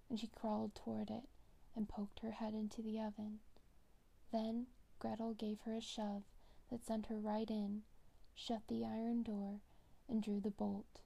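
A woman hosting a storytelling show, reading fairy tales softly in a hushed, half-whispered bedtime manner with a gravelly voice. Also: fairly high pitch, little pitch movement, measured pace.

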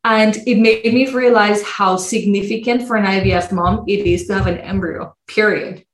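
A woman's voice: mid-range voice, fairly even intonation, moderate pace. A woman being interviewed as a guest who shares a personal story. She speaks expressively and acts out other people's voices when she quotes them. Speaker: guest, mindset coach. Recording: roomy echo.

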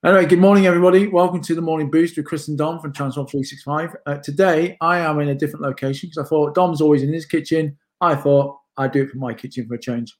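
A man's voice: on the high side, fairly even intonation, quick pace, hardly any pauses. Chatty British man hosting a morning show. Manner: chatty, joking, upbeat. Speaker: co-host of a morning wellness show. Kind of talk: casual morning show chat. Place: home kitchen.

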